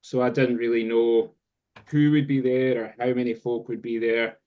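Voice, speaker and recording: A Scottish man, a guest drum teacher, telling a long story in casual chat, rambling with many pauses and fillers. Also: mid-range voice, flat delivery. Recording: dull lo-fi sound.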